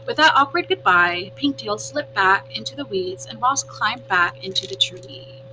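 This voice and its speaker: A woman reading a children's storybook aloud as a teacher, with clear, expressive storytelling. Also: mid-range voice, measured pace, few pauses. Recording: humming background noise.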